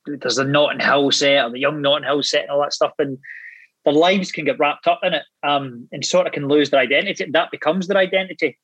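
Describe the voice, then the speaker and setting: A Scottish man in his thirties tells animated anecdotes full of swearing and laughter. His voice sits a touch high, and the recording is close and dry with no room sound. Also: brisk, breathy edge, no room sound, muffled recording. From Scotland. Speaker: guest actor. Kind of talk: casual storytelling chat.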